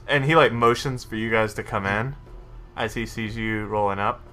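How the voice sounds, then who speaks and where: A man narrating a tabletop game as game master in a casual, animated way. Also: on the low side, normal speed, soft background music.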